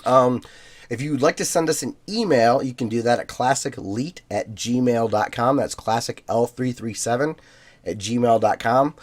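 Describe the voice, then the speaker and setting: A man of middle pitch co-hosts a casual podcast. He reads listener emails aloud in a loose, easygoing way. He leans on fillers and laughs often. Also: unhurried. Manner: relaxed, filler-heavy, laughs easily. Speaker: podcast co-host.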